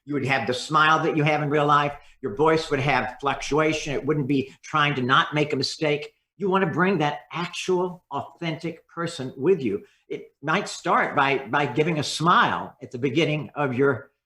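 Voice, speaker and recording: A man speaking as a communication coach in a podcast interview, expressive and acting out different tones of voice. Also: on the high side, normal speed, few pauses, reverberant.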